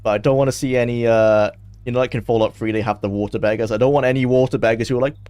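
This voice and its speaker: A young man chatting loosely as he streams a game, rambling and quick to laugh. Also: medium pitch, steady tone, darkish tone, clear, resonant tone, no room sound. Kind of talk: casual live-stream gameplay commentary.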